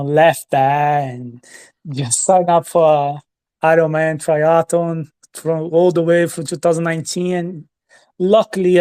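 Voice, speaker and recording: A man's voice: fairly high pitch, a little mellow, clear, resonant tone. Friendly man rambling on a call-in. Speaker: caller. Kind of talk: casual call-in chat.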